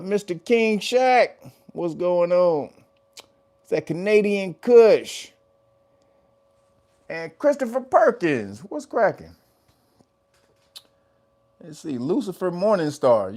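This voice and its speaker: A man hosting a casual livestream, greeting viewers by name, laughing often and swearing casually. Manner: rises to a high, loud laughing voice when teasing. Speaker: livestream host.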